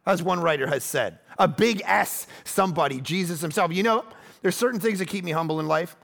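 High-voiced gravelly pastor preaching. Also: male voice, fast. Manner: animated, storytelling, swings between loud punchy lines and low quiet ones. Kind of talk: sermon.

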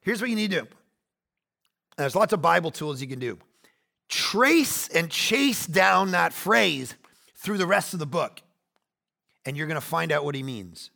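A man in his forties delivers a sermon in a fairly high, bright, forceful voice. Gravelly fry runs through his speech. He preaches with energy, moving between loud bursts and quiet, hushed asides. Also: big pitch swings, a little slow, pauses often. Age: 40s. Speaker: pastor.

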